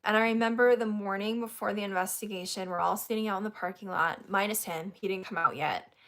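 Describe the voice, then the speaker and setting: A woman host telling a story in casual chat, animated, laughing often and acting out what others said. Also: medium pitch, fast.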